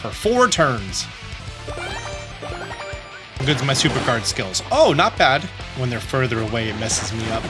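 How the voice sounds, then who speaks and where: A man's voice: medium pitch, very animated, unhurried, pauses often, over music. A man giving chatty, upbeat walkthrough commentary at home, often reading game text aloud. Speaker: gaming YouTuber.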